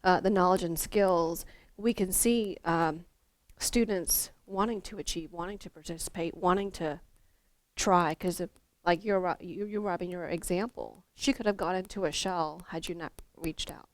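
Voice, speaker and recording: A woman's voice: fairly low pitch, normal speed, no echo. Woman giving a conversational teacher workshop. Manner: conversational, storytelling, many fillers and restarts. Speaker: teacher trainer, former school counselor.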